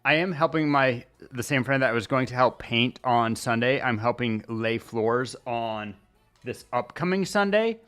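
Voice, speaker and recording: A male streamer chatting casually, rambling along with pauses and restarts as he talks into his desk mic. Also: mid-range voice, animated, a bit bright, smooth, faint music behind. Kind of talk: casual livestream chat. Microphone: desk mic at streaming setup.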